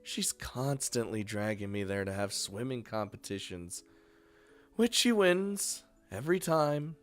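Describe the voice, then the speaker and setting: A man voicing a gentle young woman, speaking quietly and softly. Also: on the low side, expressive, unhurried, soft background music.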